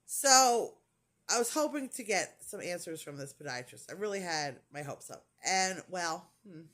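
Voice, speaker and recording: A woman's voice: on the low side, normal speed. A woman vlogger telling a long personal story in a casual chat, acting out the other people's lines, with many likes and ums. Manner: animated, retells dialogue with lots of "like" and fillers. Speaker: crafting vlogger.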